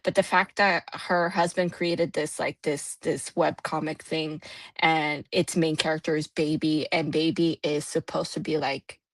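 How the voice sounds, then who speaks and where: A woman's voice: deep voice, steady tone, unhurried, no echo. A woman co-hosting a casual book club chat over a video call, thinking aloud with frequent restarts.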